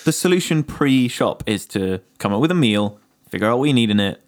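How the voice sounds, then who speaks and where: A man's voice: medium pitch, animated, brisk. A man in a casual comedic podcast chat, laying out ideas in a dry way.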